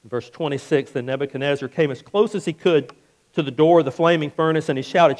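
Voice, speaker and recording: A male pastor preaching a sermon emphatically, repeating phrases and dropping low and quiet on key words. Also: quick pace.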